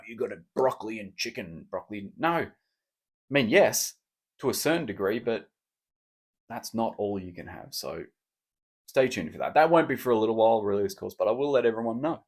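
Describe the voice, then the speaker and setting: A man's voice: on the low side, lively intonation, brisk. A man hosting a solo podcast, chatting in a rambling, cheeky, self-mocking way. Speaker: podcast host. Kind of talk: casual solo podcast chat.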